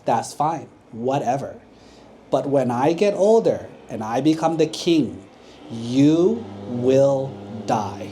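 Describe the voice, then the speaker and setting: A monk voicing an angry, arrogant young prince who makes slow, haughty threats in a children's story. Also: male voice, mid-range voice, lively intonation, warm tone, slight background noise. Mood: furious.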